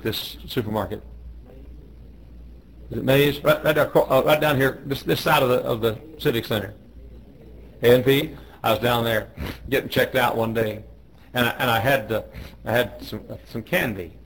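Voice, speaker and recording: A gravelly, middle-pitched middle-aged man, a pastor, telling joking stories in a folksy way on a radio devotional. His voice jumps up when he quotes people, over a faint hiss. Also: moderate pace, poor audio.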